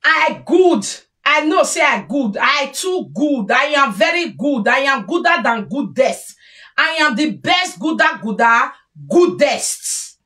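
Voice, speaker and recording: Vain boastful woman, high-pitched and singsong, smugly self-adoring, put on by a woman. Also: measured pace, pushed and bright, recorded from a distance.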